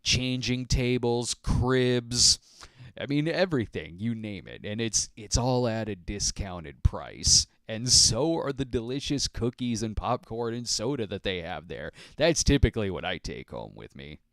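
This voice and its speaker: A man's voice: fairly low pitch, animated, a little slow, fairly bright tone, dry recording, studio quality. A man hosting a casual solo podcast, rambling and self-deprecating, chuckling often as he acts out little scenes. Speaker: podcast host.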